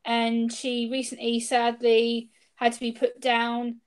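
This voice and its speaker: Animated young woman telling a story. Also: fairly high pitch, slow, over a noisy crowd. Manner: animated, acts out quoted exchanges. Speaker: interview guest. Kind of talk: casual storytelling. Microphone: video call.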